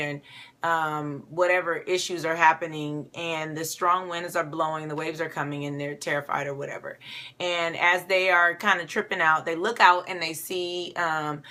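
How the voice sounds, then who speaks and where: Bright-voiced woman giving a casual sermon. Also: deep voice. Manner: conversational, informal retelling with fillers. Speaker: preacher.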